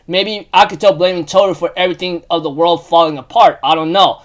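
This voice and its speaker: A man's voice: sits high, fairly quick. A man recapping an anime episode in a casual, rambling way, with many fillers and restarts and sudden emotional outbursts. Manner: bursts into loud excited outbursts.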